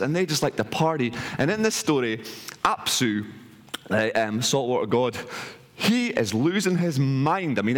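A man retelling an ancient myth to an audience, in a lively, colloquial way with frequent restarts. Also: on the high side. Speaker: speaker. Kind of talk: animated storytelling talk. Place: hall with an audience.

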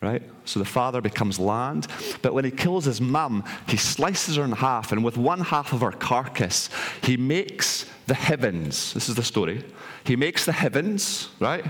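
A man retelling an ancient myth to an audience, in a lively, colloquial way with frequent restarts. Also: mid-range voice, a little slow. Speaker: speaker. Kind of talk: animated storytelling talk. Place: hall with an audience.

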